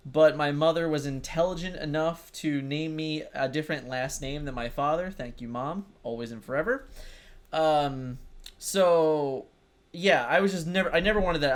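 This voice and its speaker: A man's voice: on the high side, a bit bright. A young man co-hosting a casual podcast, joking and laughing often as he talks. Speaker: podcast co-host. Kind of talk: casual chat.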